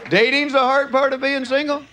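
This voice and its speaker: A man's voice: extremely high pitch, flat delivery, a little fast, sharp tone, a faint crowd. A man with a Southern US accent doing folksy stand-up comedy with a drawling, punchy delivery. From American South. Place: live theater stage. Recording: live show with audience noise.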